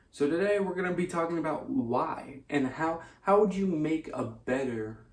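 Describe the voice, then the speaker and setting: A man's voice: medium pitch, darkish tone. Playful, chatty man, echoey room. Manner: playful, self-mocking and chatty. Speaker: gaming video creator. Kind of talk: casual video talk. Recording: echoey room with faint noise.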